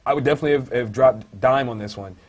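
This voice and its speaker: Animated man co-hosting a comics podcast. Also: quick pace, husky, soft background music. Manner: animated, jumps to loud, high outbursts; many fillers, thinks aloud. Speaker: comic book review podcast co-host. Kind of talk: casual chat.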